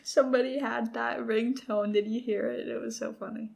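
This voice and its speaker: A woman's voice: on the high side, steady tone, normal speed, vocal fry, darkish tone. A young woman chatting casually on a podcast in a bedroom, giggly and rambling. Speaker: podcast co-host. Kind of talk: casual chat.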